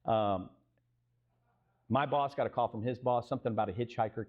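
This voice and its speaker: A man's voice: medium pitch, brisk, phone-quality sound. A man with a Texan accent telling a business story on a live stage panel, acting out the dialogue and asking the crowd questions. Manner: animated, acts out quoted dialogue, asks the crowd questions. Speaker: real estate company co-founder telling a story on a live panel.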